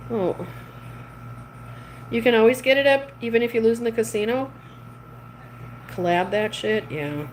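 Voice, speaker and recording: A woman's voice: a little high, measured pace, pauses often, slight background noise. A middle-aged woman chatting casually, telling a rambling story full of restarts and laughing between phrases. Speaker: streamer chatting with viewers. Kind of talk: casual chat.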